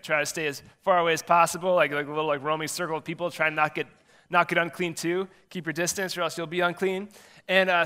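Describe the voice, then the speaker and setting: Male youth pastor, 30s, a bit high and bright, casual animated storyteller. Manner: chatty, animated storytelling with acted-out quotes. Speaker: middle school pastor.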